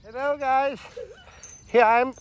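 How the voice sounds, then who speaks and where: A man putting on a high, thick mock Austrian accent, speaking broken, earnest English. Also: steady tone, a little slow, clean tone.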